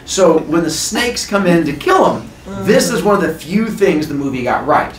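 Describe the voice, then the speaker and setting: Playful male teacher, lively voice. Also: a little high, normal speed, a little hiss or hum. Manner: playful, jokey storytelling. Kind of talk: retelling myth to a class. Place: classroom. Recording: echoey classroom.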